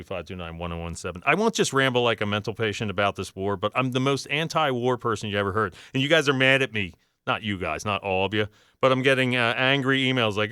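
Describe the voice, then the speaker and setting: Lively, rambling talk-radio man. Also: mid-range voice, smooth, no echo, clean studio sound. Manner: rambling, conversational, quick to defend himself. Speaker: radio producer filling in as host. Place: radio studio. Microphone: studio microphone.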